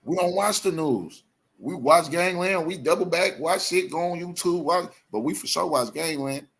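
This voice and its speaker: A man's voice: a little high, moderate pace, fairly bright tone, slightly rough. A man hosting a live online show, ranting in heated casual commentary, profane and repetitive.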